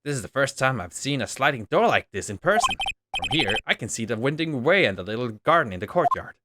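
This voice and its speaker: A man casually reading a detective game's dialogue aloud in a wry, relaxed playthrough. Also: mid-range voice, quick pace, very noisy. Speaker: game streamer reading all characters. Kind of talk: game playthrough voicing the text. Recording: voice over loud game music.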